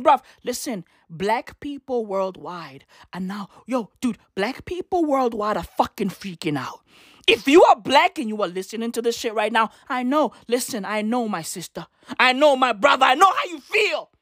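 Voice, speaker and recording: A woman delivering a comedic rant to camera, loud and profane, with shouted bursts and slang asides. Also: on the high side, very animated, normal speed, no room sound, studio quality. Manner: heavy use of slang asides. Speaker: commentator.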